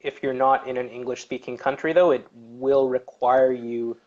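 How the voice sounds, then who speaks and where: A man's voice: mid-range voice, flat delivery, moderate pace, darkish tone, muffled recording. A man co-hosting a live English Q&A, reading out viewer questions and answering them. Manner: reads viewer questions aloud, then answers at length. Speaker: English teacher, co-host. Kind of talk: live-streamed Q&A chat.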